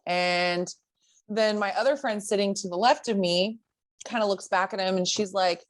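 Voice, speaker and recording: A woman co-hosting a podcast, telling a story in casual chat, animated and swearing, often breaking into laughs. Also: medium pitch, moderate pace. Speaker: podcast co-host.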